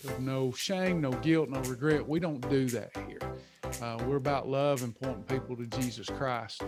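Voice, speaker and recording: A man's voice: on the high side, darkish tone. A man hosting a live faith-based wellness session, talking earnestly and repeating himself with many fillers. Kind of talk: casual live webinar talk with guided affirmations.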